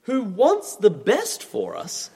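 Expressive preacher in an echoing hall. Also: male voice, high-pitched, slow, vocal fry, husky. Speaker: pastor. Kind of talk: sermon. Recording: long reverb from a large hall.

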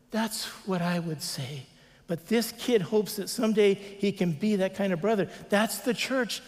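A man's voice: high voice, expressive, normal speed, in a large hall. A man preaching a sermon as a pastor, earnest, with repeated refrains and acted-out quotes.

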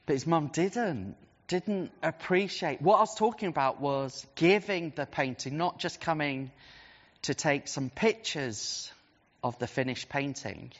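Chaplain, animated storytelling sermon, long church echo, dull lo-fi sound. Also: medium pitch, measured pace. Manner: animated, vivid storytelling with swings of pace. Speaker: preacher and city centre chaplain.

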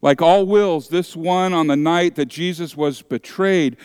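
A man's voice: on the high side, a little slow, a little mellow, smooth, no echo, studio quality. A male pastor preaching a sermon, acting out the voices of objectors and accusers with dramatic shifts.

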